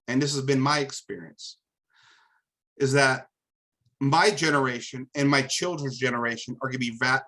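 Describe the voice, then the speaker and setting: A man's voice: medium pitch, bright, forceful tone, poor audio. A man from America hosting a live commentary monologue, emphatic and preachy, often tossing in "right?". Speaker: host.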